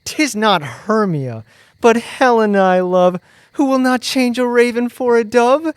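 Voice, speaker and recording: A woman's voice: fairly high pitch, lively intonation, unhurried, no room sound. A woman playing an ardent young male lover in a college stage play, speaking earnestly.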